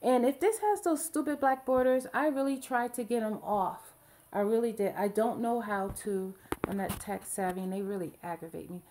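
A woman's voice: a little high, moderate pace, a little mellow, a little hiss or hum. A middle-aged woman in a casual show-and-tell vlog, chatty and rambling, gushing about a gift. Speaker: video blogger.

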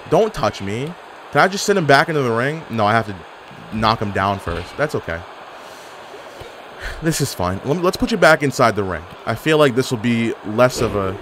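A young man giving sarcastic, animated trash-talk commentary over his own online wrestling game. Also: medium pitch, a little hiss or hum. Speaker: gaming YouTuber. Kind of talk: live gameplay commentary.

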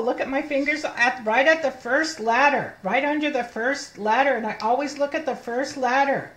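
A woman reading teacher leading an early reading lesson for young children, slowly sounding out letters and words and encouraging her listeners. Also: high voice, fairly bright tone, roomy sound. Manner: encouraging, speaking to children as if they were present.

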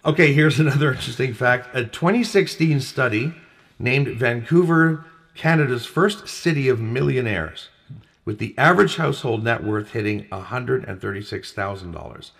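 A man's voice: medium pitch, animated, normal speed, gravelly, fairly bright tone. A man co-hosting a casual talk show, reading out facts and list items and chuckling often. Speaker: co-host.

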